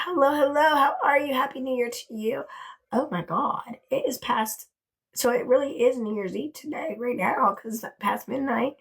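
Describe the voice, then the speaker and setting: A woman hosting a casual livestream from her bedroom, gushing and chatty, thanking viewers over and over and swearing casually. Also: high-pitched. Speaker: livestream host.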